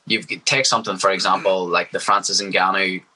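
A man's voice: low voice, level tone, brisk, bright, forceful tone, slightly rough, low-quality recording. A young man, a fighter speaking as a guest in a casual interview, confident and hyped. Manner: confident, hyped, trash-talking.

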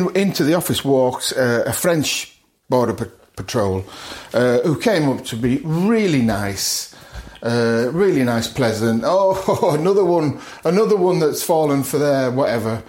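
A man's voice: mid-range voice, expressive, unhurried, a little mellow. A middle-aged man from the north of England, a podcast guest telling his story vividly, acting out other people's lines and chuckling often. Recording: roomy echo.

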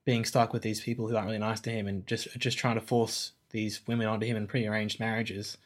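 A man's voice: lowish voice, flat delivery, fast talker. A man, talking in an easygoing, conversational way about a film. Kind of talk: casual film review chat.

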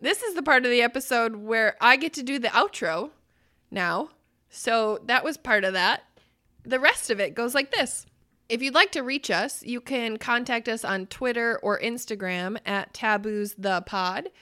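A young adult woman co-hosting a casual podcast, telling stories with swearing and bursts of loud laughter. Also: on the high side, smooth. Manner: swearing, storytelling, laughs loudly. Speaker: podcast co-host. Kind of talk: casual chat.

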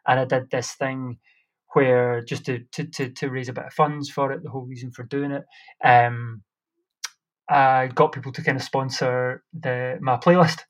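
A man's voice: medium pitch, level tone, moderate pace. A young man who talks in a mid-range voice. He rambles with enthusiasm through long stories in casual conversation. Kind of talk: casual chat.

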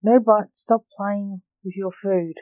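A woman's voice: mid-range voice, steady tone, slow pace, mellow, no echo, natural voice. A woman voicing a bossy vampire father magician who talks curtly and with dry wit, in a storybook reading. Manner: curt, commanding.

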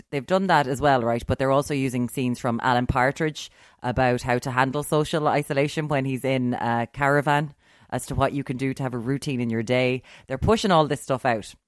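A woman co-hosting a casual chat, animated and laughing between quick asides. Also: rumbling low, dry recording, clean studio sound. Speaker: podcast co-host.

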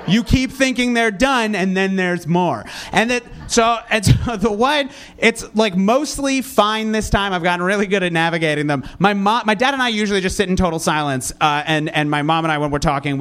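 A young man doing a stand-up comedy set, wry and self-mocking, with a flat delivery that undercuts his sincerity. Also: high-pitched, clear, resonant tone.

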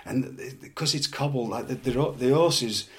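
A middle-aged man from England, a former wrestler, telling animated anecdotes in a casual chat with frequent laughs and repeated words. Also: medium pitch, measured pace.

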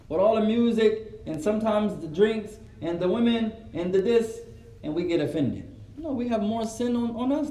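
A high, mellow male voice, teaching an animated religious lesson to a seated audience. He acts out quoted voices and drops in Arabic phrases. The room gives the voice a roomy echo. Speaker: Islamic teacher. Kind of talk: religious lesson to a live gathering.

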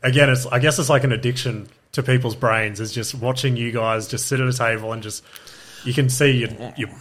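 A man's voice: mid-range voice, fairly even intonation, a little fast, fairly bright tone. A man hosting a podcast, easygoing and agreeable, chiming in with short affirmations. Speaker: podcast host. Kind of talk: casual podcast chat.

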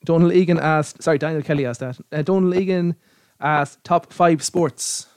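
An Irish man hosting a casual podcast with friends, animated and quick to act out stories. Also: fairly high pitch, clean tone, dry recording, clean studio sound. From Ireland. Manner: animated storyteller, acts out quotes. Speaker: podcast host. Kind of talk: casual banter among friends. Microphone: studio mic.

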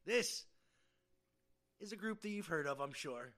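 A male podcast co-host reading trivia in casual chat, joking and swearing freely. His voice is high and bright. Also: lively intonation, a little slow.

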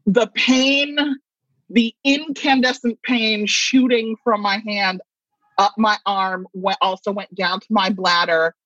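A woman's voice: mid-range voice, fairly even intonation, slow, fairly bright tone, no echo, highs cut off. A woman guest telling a story in casual conversation, laughing often as she talks. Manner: chatty, laughs often while telling stories. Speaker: guest writer. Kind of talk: casual chat, anecdote telling.

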